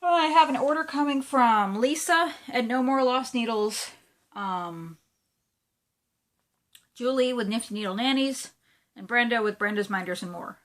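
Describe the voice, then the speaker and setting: A cross-stitch vlogger with a slightly high voice chats unhurriedly, leaving long pauses, as she shows off her crafting supplies. Her casual show-and-tell is gushing and packed with fillers.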